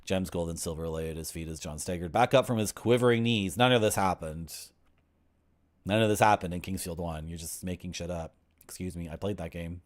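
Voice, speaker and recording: A man's voice: low voice, a little fast. Wry man streaming a game. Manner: wry, griping asides, sarcastic. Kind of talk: reading game text aloud with commentary.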